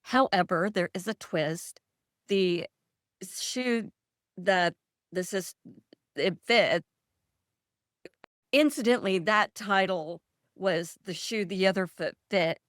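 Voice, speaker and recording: A woman's voice: medium pitch, takes it slowly, pauses often, no echo, clean studio sound. A woman author in a casual interview, telling stories in a rambling way and laughing often. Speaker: author guest.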